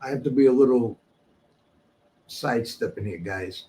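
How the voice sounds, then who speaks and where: A man's voice: mid-range voice, moderate pace, warm tone. An older man, a guest, telling street stories in a blunt, profane, streetwise way. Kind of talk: storytelling in a casual interview.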